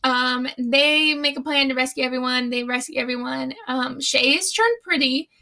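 High, gravelly, bright young woman. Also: normal speed. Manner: chatty, swears freely, laughs often. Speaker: podcast co-host. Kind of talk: casual book-club chat.

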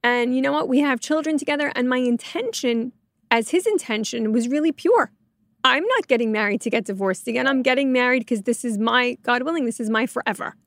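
A woman in her forties hosting a podcast, chatting openly and telling lively stories. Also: on the high side, brisk, dry recording, studio quality. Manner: animated storyteller, quotes voices expressively. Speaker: podcast host. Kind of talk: conversational interview.

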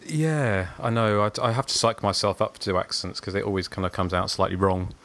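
Southern English podcast co-host, very low voice, meandering and self-deprecating. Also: male voice, fairly even intonation, fairly quick, a bit bright. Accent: English, southern, slightly posh. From Surrey, England. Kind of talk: casual chat.

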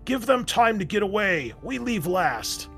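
A man's voice: high voice, very animated, unhurried, a bit bright, pitched above the performer's own voice, heavily acted. A man reading a fantasy story, voicing a male soldier who bellows orders and battle cries over faint music. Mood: shouting.

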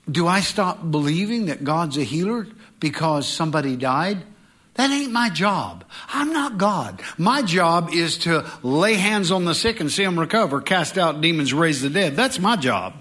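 A middle-aged pastor preaching a sermon in an animated way, with joking asides and mock voices. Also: male voice, on the high side.

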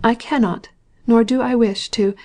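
A woman reading the part of an unwell, agitated young wife who speaks in a hushed, halting way, in a storybook reading. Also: fairly high pitch, steady tone, voice pushed up, natural voice. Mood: urgent.

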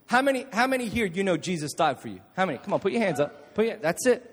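High-voiced energetic youth preacher in a reverberant hall. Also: male voice, quick pace, few pauses. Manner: energetic, jokey, calls on the audience to respond. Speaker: youth pastor. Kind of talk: youth sermon with jokes and stories. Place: church youth hall with an audience.

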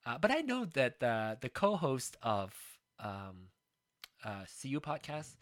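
A podcast co-host chatting casually on a close, dry mic. The voice is bright and sharp. The pitch swings widely as the thoughts ramble and restart. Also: wildly swooping pitch, dry recording. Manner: rambling, halting, full of restarts.

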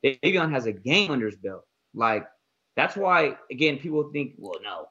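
A man co-hosting a casual basketball podcast, talking fast and emphatically and leaning on "most importantly". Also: medium pitch, expressive, pushed and bright, dull audio. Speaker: podcast co-host, basketball analyst. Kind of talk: casual sports talk.

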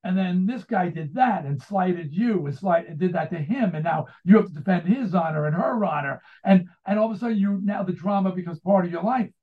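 A man's voice: high voice, animated, brisk, hardly any pauses. A man in his sixties with an American accent, talking about his writing in a casual, rambling interview, full of restarts and asides. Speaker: author and rock singer guest. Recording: tinny phone-like line.

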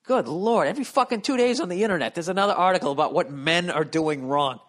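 A profane man in his fifties with a Boston accent, hosting a comedic solo podcast. His pitch swings widely as he reads listener mail and riffs loudly on it, and his voice sits a little higher than usual for a man. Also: lively intonation, quick pace. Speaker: podcast host.

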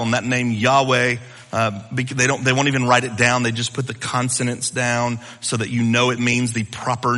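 A man preaching a sermon, teaching in an animated, conversational way with asides to his listeners. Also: mid-range voice. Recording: long reverb of a hall.

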